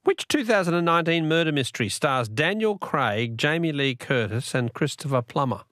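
A man hosting a talkback radio quiz, chatty and quick to laugh as he reads out messages. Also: a little high, lively intonation, a bit bright, no room sound, studio quality.

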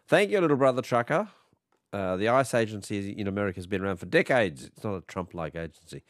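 A man hosting an evening radio talk show, his voice husky and a bit hoarse, chatty and hesitant with many restarts. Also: on the low side, animated, fast, no echo, clean studio sound. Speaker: radio host.

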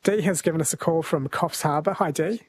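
Higher-voiced male radio host. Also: fairly quick, slightly rough. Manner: conversational, brief affirmations. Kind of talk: radio interview.

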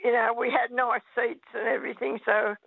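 An older woman calling in to a radio show, talking in a halting, hesitant way. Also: fairly high pitch, level tone, vocal fry, husky, no echo. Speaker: caller. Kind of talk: casual phone-in chat. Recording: tinny phone line.

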